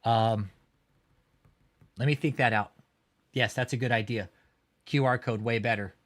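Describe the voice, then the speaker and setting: A man's voice: medium pitch, fairly even intonation, a little slow, a bit bright. A man livestreaming outdoors by a road, talking casually in a blunt, profane, mocking way.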